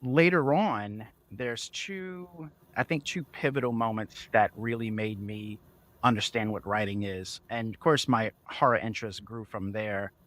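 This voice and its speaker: A man, a guest author, telling childhood stories in a lively conversational way and acting out the voices he quotes. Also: on the low side, unhurried. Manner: animated, acts out quoted voices, laughs often. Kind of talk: conversational storytelling.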